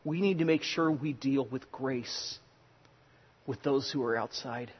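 A man preaching a sermon in a conversational way, telling personal stories, sometimes loud and sometimes hushed. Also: medium pitch, measured pace, husky, long reverb tail, highs cut off. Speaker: pastor.

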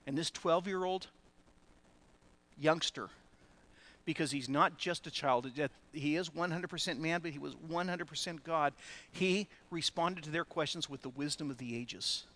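A male pastor preaching a sermon in an animated way, often laughing between phrases. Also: a little high, normal speed.

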